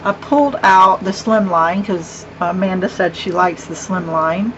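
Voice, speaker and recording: Middle-aged woman, unhurried, gushing craft vlogger; dull lo-fi recording at a home craft table. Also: fairly low pitch, a bit bright. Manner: chatty, rambling, with gushing asides. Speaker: card-making vlogger. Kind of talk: casual craft show-and-tell. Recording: dull lo-fi with faint hum.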